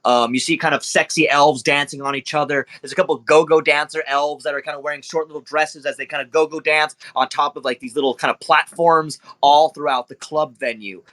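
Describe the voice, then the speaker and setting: Bright-voiced young man narrating a game. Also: on the high side, fairly even intonation, brisk, hardly any pauses. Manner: casual, filler-heavy description. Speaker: game master.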